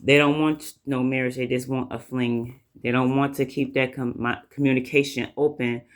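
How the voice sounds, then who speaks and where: A man's voice: medium pitch, flat delivery, normal speed. Rambling Southern man reading tarot. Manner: rambling, repeats "like I said" and "you know". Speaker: tarot reader. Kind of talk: casual tarot reading to camera.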